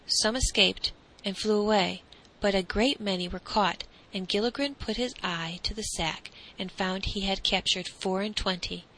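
A woman narrating a classic storybook in a calm, measured reading. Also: medium pitch, low-quality recording.

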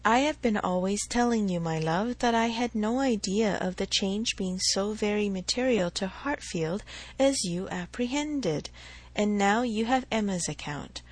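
A woman voicing a dry, sensible married gentleman in a narrated novel, calm and reasonable. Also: mid-range voice, a little slow, slightly rough, rough recording.

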